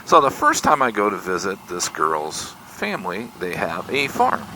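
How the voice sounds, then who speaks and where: An older man in a casual, folksy ride-along vlog, poking fun at himself as he tells a tale. His voice is bright and swings up and down a lot. Faint road noise hums underneath. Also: deep voice, moderate pace, low-quality recording. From Michigan, USA. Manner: folksy, self-deprecating, animated retelling of dialogue. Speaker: motorcycle vlogger. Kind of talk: casual storytelling while riding. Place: outdoors on a motorcycle on country roads. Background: faint road and vehicle noise.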